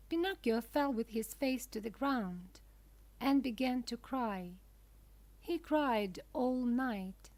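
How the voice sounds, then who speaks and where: A woman reads a children's storybook aloud for English learners. Her delivery is very slow and deliberate, and every word is clear. Her voice sits somewhat high. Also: animated, a little mellow. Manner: clear, deliberate, simple phrasing. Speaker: narrator.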